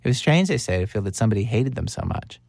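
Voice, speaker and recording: A man hosting a documentary audio show, narrating a story calmly and putting questions to his guests. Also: medium pitch, fast talker, no echo. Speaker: host and interviewer.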